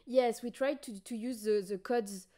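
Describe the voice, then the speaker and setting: A woman's voice: a little high, fairly even intonation, moderate pace, mellow. A tired young woman with a French accent, chatting casually on a livestream and hesitating as she searches for English words. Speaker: streamer.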